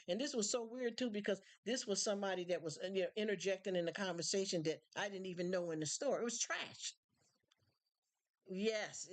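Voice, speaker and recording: A woman's voice: lowish voice, steady tone, fairly quick. A woman hosting a live stream in casual chat, rambling and repeating words when worked up.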